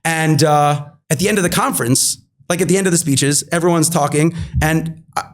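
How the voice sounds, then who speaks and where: A man telling an animated story as a podcast guest, with lots of fillers. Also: a little high, a little fast. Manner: animated, many fillers, acts out quoted dialogue. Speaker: podcast guest, marketing entrepreneur. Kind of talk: storytelling anecdote.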